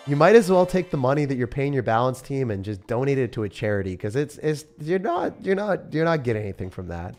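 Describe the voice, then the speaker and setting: Excitable young man commentating gameplay. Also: medium pitch, brisk, hardly any pauses. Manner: excitable, sarcastic, mocking complaints. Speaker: game streamer. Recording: faint music behind.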